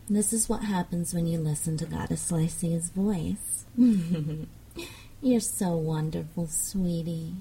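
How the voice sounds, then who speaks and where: A young woman speaking in a coaxing, teasing manner in a hypnosis role-play, with soft laughs. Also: mid-range voice, gravelly, breathy edge, rough recording. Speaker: audio role-play performer.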